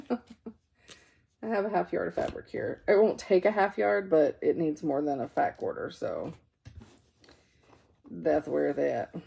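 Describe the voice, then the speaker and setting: In this casual show-and-tell, a cross-stitch vlogger walks through her works in progress, yawning and sounding tired as she rambles, uses fillers, and corrects herself. She speaks slowly in a low, warm, creaky voice with a breathy edge, pausing often.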